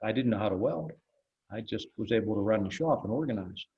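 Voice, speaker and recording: An older blacksmith in a laid-back interview tells folksy stories with a wry edge, performing the dialogue as he goes. His warm, low-leaning voice is expressive and fairly quick, captured in lo-fi sound.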